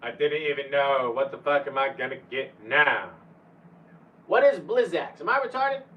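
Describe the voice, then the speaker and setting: A man's voice: on the high side, lively intonation, normal speed. A man streaming live, chatting casually with viewers in a laid-back, profane way. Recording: distant, dull lo-fi mic with faint hum.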